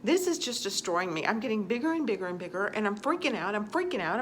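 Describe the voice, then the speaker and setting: A woman's voice: medium pitch, big pitch swings, fast talker, slight background noise. A woman vlogger answering viewer questions in a chatty, earnest way, often repeating phrases for emphasis. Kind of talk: casual advice talk to camera.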